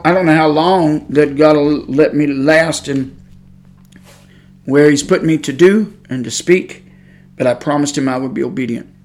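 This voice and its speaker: An older man preaching a podcast sermon, swinging from shouted warnings to quiet, personal talk. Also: a little high.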